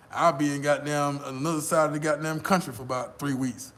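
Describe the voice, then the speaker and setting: An American man vlogging, telling a boastful, profane story in a casual, animated way. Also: a little high, quick pace, a little hiss or hum.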